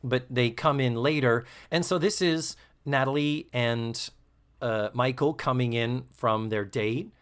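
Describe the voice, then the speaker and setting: A man hosting a podcast, recapping a sitcom episode in casual, animated and profane chat. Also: a little slow, clean tone. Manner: animated, profane, breaks into squeaky mock voices. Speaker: podcast host.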